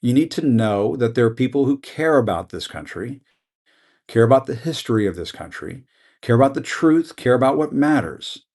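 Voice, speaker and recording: A man's voice: medium pitch, very animated, moderate pace, a little mellow. A middle-aged man hosting a news show, moving between casual talk with fillers and impassioned commentary built on a repeated rallying phrase. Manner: conversational, with fillers. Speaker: host. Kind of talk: passionate news commentary monologue.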